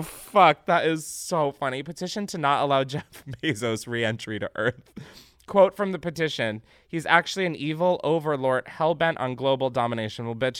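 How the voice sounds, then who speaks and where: Riffing on news stories with sarcastic, casual humor, a young male podcast host speaks in a slightly high, smooth voice. He's animated, swears without restraint, and bursts into laughter, all captured in a dry, clean studio recording.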